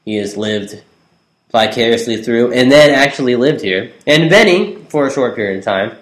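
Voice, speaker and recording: A man's voice: mid-range voice, expressive, normal speed, fairly bright tone, echoey room, low-quality recording. A man hosting a casual podcast, talking in an enthusiastic, rambling way. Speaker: podcast host. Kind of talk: casual banter.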